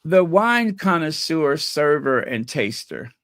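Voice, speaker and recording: Guy hosting a live stream, slow and rambly, keeps saying words over to get them right, dry sound. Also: fairly high pitch, sing-song, fairly bright tone, dry recording. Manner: rambling, playful, repeats words trying out pronunciations. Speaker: channel host.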